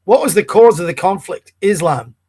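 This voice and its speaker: A man's voice: high voice, moderate pace, darkish tone, husky. A man hosting a livestream podcast, talking casually and bluntly as he reads and reacts to social media posts. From Australia. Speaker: podcast host.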